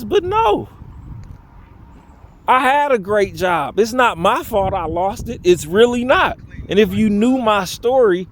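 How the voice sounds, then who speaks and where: A young man talking candidly in a personal vlog outdoors, earnest and pleading, his voice unsteady from crying. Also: sits high. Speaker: vlogger. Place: outdoors by a railroad bridge.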